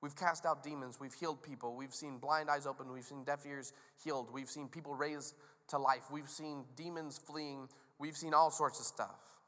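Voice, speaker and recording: The long echo of a big church sanctuary surrounds a male preacher whose voice is fairly high and whose pace is normal. His sermon is relaxed and joking, built around animated stories.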